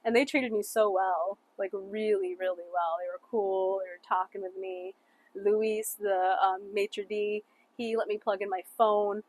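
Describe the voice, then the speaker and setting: A young woman tells a travel story in a loose, chatty way. She leans on "like" and "you know", laughs often and swears without thinking. Her voice sits at an ordinary middle pitch for a woman. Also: fairly even intonation, measured pace, darkish tone. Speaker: travel vlogger. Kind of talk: casual storytime vlog.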